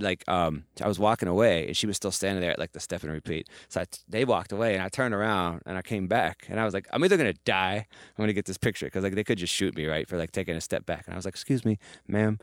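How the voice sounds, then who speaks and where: A man telling a story as a podcast guest, animated and profane, mimicking the voices of the people he quotes. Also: deep voice, no room sound, clean studio sound. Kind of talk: casual storytelling.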